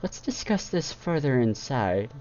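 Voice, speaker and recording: A man's voice: medium pitch, expressive, fairly quick, darkish tone, slight background noise, pitched above the performer's own voice, lightly acted. A man voicing a regal, motherly princess pony who teases her son, recorded on a dull lo-fi setup.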